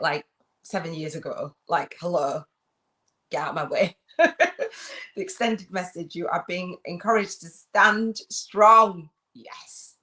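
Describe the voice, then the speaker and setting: Low-voiced chatty woman host. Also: a bit bright. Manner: chatty, laughs often, stumbles over reading. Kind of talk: casual livestream chat.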